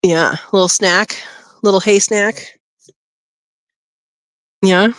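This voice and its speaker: A woman's voice: medium pitch, steady tone, extremely slow, a bit bright, no echo, studio quality. A woman hosting a homesteading live stream, chatting casually and talking sweetly to her rabbit, recorded on a phone. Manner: coos and talks to her rabbit, laughs often. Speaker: homesteading livestream host. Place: outdoors by a rabbit hutch.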